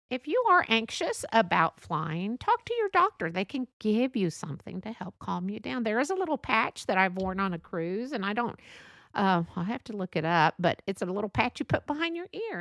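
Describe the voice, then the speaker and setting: A woman's voice: fairly high pitch, sing-song, normal speed, fairly bright tone, no room sound, studio quality. A woman hosting a casual solo podcast, chatty and laughing often, with frequent restarts. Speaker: podcast host.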